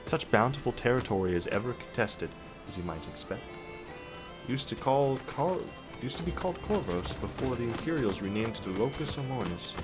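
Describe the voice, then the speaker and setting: A man's voice: animated, moderate pace, over music, natural voice. A man reading game dialogue aloud as an overworked male farm laborer, trying for an Irish or Scottish lilt. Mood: chatty. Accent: attempted Irish or Scottish lilt. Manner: louder, higher and brighter than his own voice.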